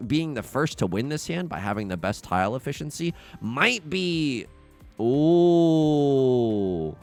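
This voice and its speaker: A man commentating live on his own tile game, excitable and jokey, yelping at setbacks and muttering while he counts tiles. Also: medium pitch, creaky. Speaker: streamer playing a tile game.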